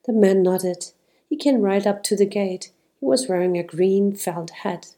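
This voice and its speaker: A woman reading a children's storybook aloud in a calm, even storytelling manner. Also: medium pitch, measured pace. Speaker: narrator.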